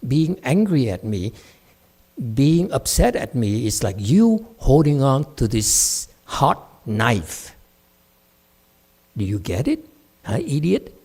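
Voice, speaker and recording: Blunt, scolding meditation master. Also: male voice, sing-song, breathy edge. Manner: swings from low and measured to loud, high-pitched rants. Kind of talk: dharma talk answering a student. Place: temple.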